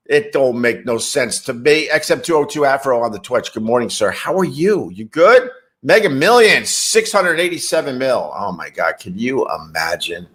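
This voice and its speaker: A man's voice: medium pitch, very animated, moderate pace, a bit bright. A man hosting a casual livestream, reading chat messages and rambling wryly with casual swearing. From New York.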